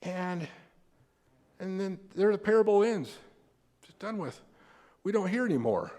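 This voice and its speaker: Animated American preacher in a reverberant hall. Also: male voice, measured pace. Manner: animated, acts out quoted characters with big pitch jumps. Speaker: pastor. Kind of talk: sermon. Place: church sanctuary.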